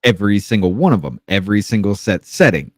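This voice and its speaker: A man's voice: lowish voice, sing-song, quick pace, no room sound, studio quality. A man chatting on a podcast, telling a story with restarts, trailing phrases and swearing. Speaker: podcast co-host. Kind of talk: casual podcast chat.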